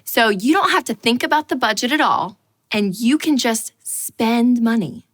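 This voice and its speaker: A relaxed, reassuring husband, easygoing and calm, as a woman quotes him in a bright voice. The delivery stays close to her everyday storytelling. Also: fairly high pitch, moderate pace, dry recording.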